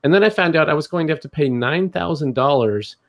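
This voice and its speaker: Man arguing his point with a lively voice. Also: on the high side, quick pace. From Oregon. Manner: argumentative, explaining points at length. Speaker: podcast co-host. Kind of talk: casual podcast chat.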